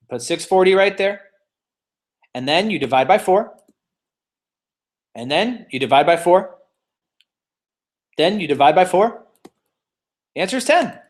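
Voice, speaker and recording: A man teaching a live online real estate exam class, playful and teasing, walking students step by step and cheering them on. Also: sits high.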